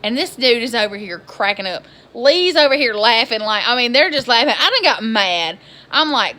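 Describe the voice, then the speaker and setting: A woman, telling a story in an exasperated, animated vlog style. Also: on the high side, moderate pace. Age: 20s. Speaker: vlogger.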